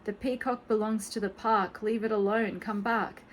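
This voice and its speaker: A woman's voice: medium pitch, fairly even intonation, moderate pace, slight background noise, close to an everyday voice. A woman voicing a sensible, knowing male Siamese cat in a children's storybook, who explains things and teases his friend. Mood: urgent. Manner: sensible and teasing.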